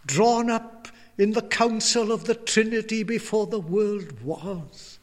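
A man's voice: high-pitched, long reverb tail. A man from the United Kingdom preaching a sermon in a church, earnest and often repeating words as he builds his point.

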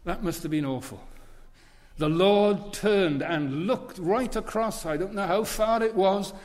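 A man's voice: sits high, measured pace, a little mellow. A man preaching a sermon in a church, earnest and leaning on repeated phrases. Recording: long reverb of a large hall.

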